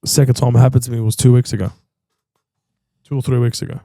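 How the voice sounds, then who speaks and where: A man's voice: mid-range voice, level tone, quick pace, warm tone, no room sound. An Australian man hosting a podcast, talking in an emphatic, slangy way and repeating himself for stress. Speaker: podcast host. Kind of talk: casual chat.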